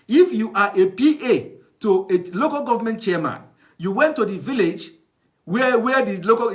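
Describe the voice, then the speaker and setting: A man's voice: high voice, lively intonation, normal speed, a bit bright. A man giving heated political commentary, scornful, repeating phrases and firing rhetorical questions at his viewers. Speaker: online show host commenting on a TV clip.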